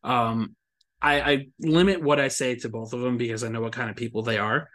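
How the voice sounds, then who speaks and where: A man's voice: mid-range voice, fairly even intonation, fairly quick, fairly bright tone. A man hosting a podcast interview over a video call, speaking candidly about his own experiences. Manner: candid, reflective, personal. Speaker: podcast host.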